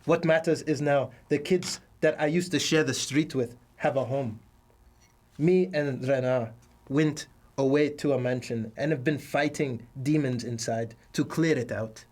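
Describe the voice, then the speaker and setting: A man's voice: mid-range voice, a little slow, a little mellow. A man in a tabletop role-play speaking in character, stiff and formal with a cool, detached manner. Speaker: player.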